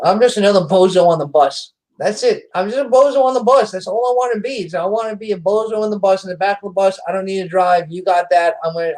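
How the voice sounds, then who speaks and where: A man talking as a podcast guest in casual conversation, animated and self-deprecating, often repeating himself. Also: high-pitched, rough recording.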